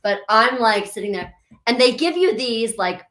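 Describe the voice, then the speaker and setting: A woman's voice: fairly high pitch, animated, moderate pace, fairly bright tone, low-quality recording. A woman, a country singer guest, chatting in a bubbly, talkative way and acting out her stories in voices. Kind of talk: casual chat.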